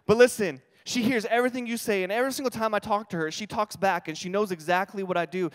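A New Mexican man in his thirties preaches a chatty, self-deprecating sermon in a high voice. His words ring out with a long reverb in a church auditorium. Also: expressive, quick pace, hardly any pauses. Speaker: pastor. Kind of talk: conversational sermon.

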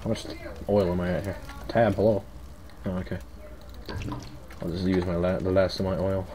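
Jumpy low-voiced man narrating a horror game. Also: flat delivery, normal speed, slight background noise. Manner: rambling, easily startled, yelps and shouts at scares. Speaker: let's play commentator. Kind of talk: casual horror game commentary. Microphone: headset.

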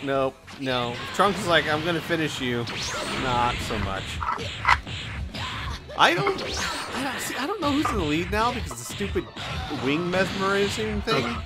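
Animated male commentator over loud music. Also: high voice, normal speed. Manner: joking, easily distracted, laughs often. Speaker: fight commentator. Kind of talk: casual live commentary. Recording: loud game music under the voice.

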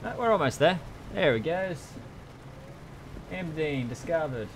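A man's voice: a little high, expressive, unhurried, a little hiss or hum. A young man casually commentating his trucking game, chatty and swearing often as he talks to himself. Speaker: let's play gamer.

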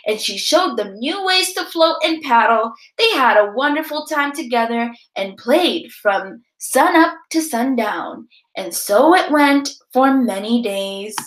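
A woman teacher reading a picture book aloud as a lesson, telling the story expressively and pausing for students' predictions. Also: a little high. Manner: expressive storytelling, guiding pauses. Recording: echoey room.

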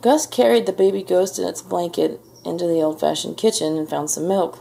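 A woman reads a children's storybook aloud in a low, dark, gravelly voice. Her pace is slow and expressive, with a faint hiss behind her. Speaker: storybook reader. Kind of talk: reading a children's book aloud.

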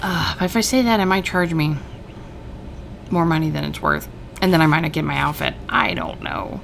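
A woman's voice: deep voice, animated, moderate pace, gravelly, a bit bright, a little hiss or hum. A woman hosting a gaming let's-play, chatting and musing aloud as she reads and makes choices. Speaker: gaming host.

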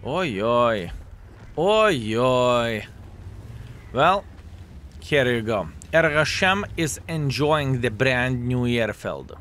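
A young adult man talks through a match as he plays, his pitch sitting in the middle range for a man. He jokes with his viewers and calls them "fellas" in a relaxed, chatty way. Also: very slow, slight background noise. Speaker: gaming commentator. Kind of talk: casual gameplay commentary.

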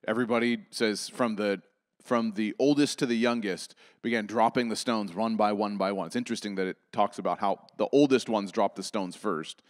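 A man preaching a sermon, rising to strong emphasis and then dropping to soft, near-whispered reassurance. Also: fairly low pitch, brisk, no echo, clean studio sound. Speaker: pastor. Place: church.

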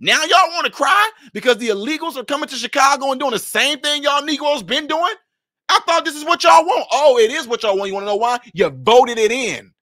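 A man with a high, bright, cutting voice delivers a heated commentary monologue. He hammers his listeners with rhetorical questions, rising to shouts and then dropping into low, blunt asides. The sound is close and dry. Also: animated, brisk, dry recording. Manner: confrontational, fires rhetorical questions. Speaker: social commentator.

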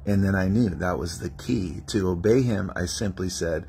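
A low-pitched man preaching a testimony-style sermon. He tells his stories with animated energy and acts out the prayers and conversations as he goes. There is a faint hiss behind his voice. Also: moderate pace. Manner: animated storyteller, acting out prayers and dialogue. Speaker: evangelist preacher.

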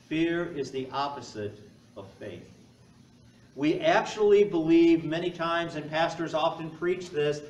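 Joking pastor preaching in an echoey church. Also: male voice, on the high side, distant mic, a little hiss or hum. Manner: conversational, joking asides to the congregation. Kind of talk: sermon. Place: church sanctuary. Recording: echoey church heard from afar.

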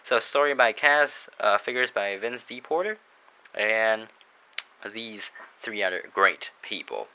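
Dude doing a laid-back comic review, rambly and chuckly, really bright tone. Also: male voice, lowish voice, animated, slow, clean tone, poor audio. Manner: rambling, chuckles, reads panels aloud. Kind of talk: casual comic book review.

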